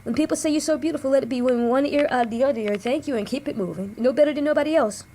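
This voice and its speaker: A woman's voice: high voice, fast talker, warm tone, a little hiss or hum. A woman hosting an online discussion, casually retelling a book to her viewers with many restarts and asides to them. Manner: rambling, many restarts and fillers, addresses viewers directly.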